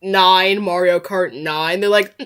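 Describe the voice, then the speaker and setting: A woman reacting to a game trailer in casual, slangy commentary, excitable and quick to laugh and shout out. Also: fairly low pitch, smooth.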